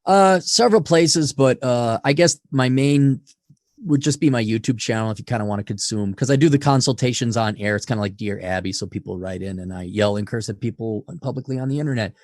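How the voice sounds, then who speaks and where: A man being interviewed on a podcast, blunt and profane, swinging from loud rants to low asides. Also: brisk, no echo, studio quality. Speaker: podcast guest.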